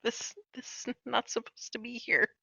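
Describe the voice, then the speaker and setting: A woman voicing a shaken warrior woman who speaks quietly and roughly. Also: on the high side, normal speed, no echo, muffled recording, full character voice. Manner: quiet, rough, uses ain't. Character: shaken female warrior, denying what she sees.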